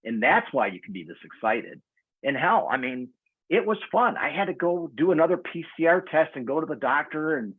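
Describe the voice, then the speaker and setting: Sixties man, upbeat casual sharer on a video call, husky and thin, like a phone line. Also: on the high side, lively intonation, moderate pace, dry recording. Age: 60s. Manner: enthusiastic storytelling. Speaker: community member. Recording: tinny phone-like audio.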